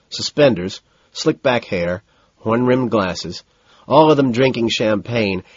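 A man narrating an audiobook in the first person, deadpan and detached, on a dull lo-fi recording. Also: on the low side, breathy edge, no echo.

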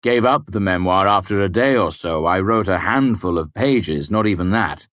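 A man reading the part of a wry innkeeper storyteller, with calm, amused, dismissive delivery. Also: sits low, normal speed, no room sound.

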